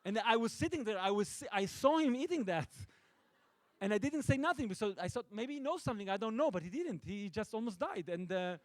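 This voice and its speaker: Man, Israeli accent, high voice, dry close sound, playful deadpan, film director Q&A. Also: fairly quick, dry recording. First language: Hebrew. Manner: playful, self-interrupting, deadpan jokes. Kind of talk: joking audience Q&A. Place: stage at a film festival event.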